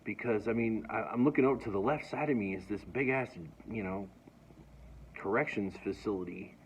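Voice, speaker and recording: A man's voice: on the low side, normal speed, a little hiss or hum. A man telling a personal story in a casual, rambling way, often stammering and restarting. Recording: dull lo-fi recording.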